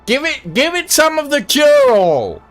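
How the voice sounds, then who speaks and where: A man's voice: extremely high pitch, big pitch swings, unhurried, loud music behind the voice, pitched above the performer's own voice, heavily acted. A man voicing a keen, jumpy old male shopkeeper who bursts out with curses when startled. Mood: flustered. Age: older. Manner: startled, cursing outbursts.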